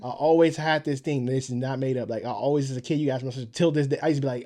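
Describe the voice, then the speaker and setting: A man hosting a reaction channel, talking in a rambling, animated way and saying "like" a lot. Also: mid-range voice, racing, slight background noise. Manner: animated, rambling, heavy use of "like". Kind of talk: casual chat.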